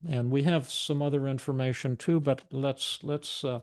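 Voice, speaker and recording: An older man, a psychiatrist leading a live therapy demonstration, speaking gently and affirmingly. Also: mid-range voice, fairly even intonation, normal speed.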